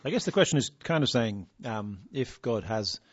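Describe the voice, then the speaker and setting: A man hosting a casual podcast, relaxed and chuckling, reading out listener questions. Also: mid-range voice, normal speed, breathy edge, no echo. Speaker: podcast host. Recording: dull lo-fi sound.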